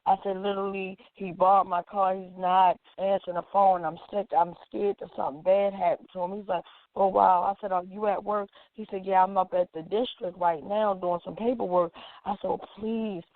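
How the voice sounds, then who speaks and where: A woman's voice: medium pitch, steady tone, normal speed, no echo. Woman telling her story, playing out what everyone said, sounds like a phone call, no room sound. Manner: acts out quoted dialogue as she talks. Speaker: activist guest. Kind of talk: emotional personal storytelling. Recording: tinny phone-like line, dry.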